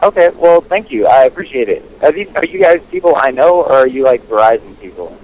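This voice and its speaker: A man's voice: sing-song, brisk, a little mellow. A young man on a phone call, confused and rambling as strangers talk over him. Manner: confused and rambling, jumps in pitch. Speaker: prank call recipient.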